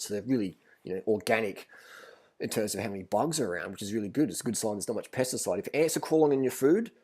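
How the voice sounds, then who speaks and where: A man's voice: mid-range voice, darkish tone, slightly rough. Profane rambling man telling a story. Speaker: vlogger. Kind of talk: casual storytelling rant.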